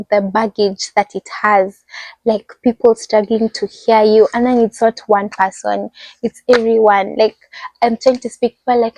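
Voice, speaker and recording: Animated young Kenyan woman, slightly high voice. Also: no echo, rough recording. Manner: animated, acts out the people she describes. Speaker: international student vlogger. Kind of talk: casual storytelling vlog.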